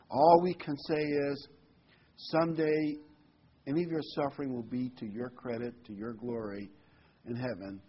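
A man's voice: medium pitch, slightly rough. A man preaching a sermon, reading scripture aloud and explaining it in a conversational way, chuckling now and then. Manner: conversational, chuckles between points, reads verses aloud. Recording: dull, slightly muffled recording.

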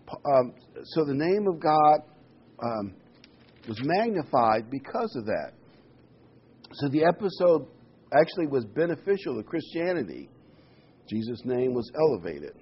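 A man preaching a sermon, his voice rising and falling with lively emphasis as he reads scripture and adds side comments. His tone is slightly husky, and the recording is dull and lo-fi. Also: a little high, unhurried. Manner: animated, explanatory asides. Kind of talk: sermon with Bible reading. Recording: dull lo-fi sound.

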